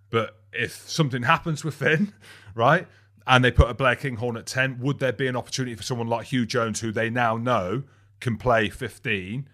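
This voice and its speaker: This young man co-hosts a casual sports chat and rambles along with plenty of energy. He laughs between words and his voice sits at an ordinary mid pitch. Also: bright, forceful tone. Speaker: podcast co-host and rugby commentator.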